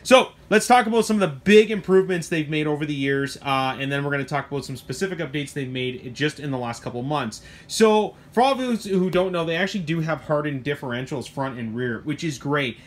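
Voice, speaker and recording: A man's voice: a little high, a little fast, hardly any pauses. A middle-aged man who runs a hobby shop, talking casually and with animation about a truck he sells, rambling through asides and mild cursing. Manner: animated, rambling, swears mildly, lots of asides. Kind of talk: casual product talk.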